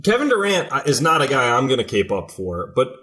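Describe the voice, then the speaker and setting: A man's voice: mid-range voice, wildly swooping pitch, brisk, fairly bright tone. A man co-hosting a podcast in casual chat with dry jokes. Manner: dry joking. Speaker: podcast producer and co-host.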